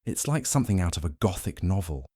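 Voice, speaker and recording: A man voicing an uneasy English gentleman captain, speaking low and hushed. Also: big pitch swings, quick pace, breathy edge, dry recording, clean studio sound, heavily acted.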